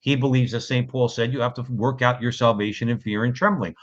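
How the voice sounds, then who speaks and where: A man's voice: medium pitch, steady tone, a little fast. A man co-hosting a podcast, explaining points in casual talk and checking in with "okay?". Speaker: podcast co-host. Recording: dull lo-fi podcast audio.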